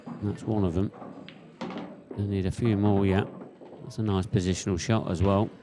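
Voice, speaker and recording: A man calls a live pool match in an easygoing, conversational way, reading out comments from viewers between shots. His voice sits low and stays level, with little rise and fall. The stream audio carries a steady hiss and occasional clicks. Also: moderate pace. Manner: casual, chatty, reads viewer comments aloud.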